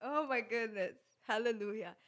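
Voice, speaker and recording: Soft-spoken woman hosting, dry close sound. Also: a little high, moderate pace, dry recording. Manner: soft-spoken, stammers, exclaims in praise. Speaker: host. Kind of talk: casual faith interview.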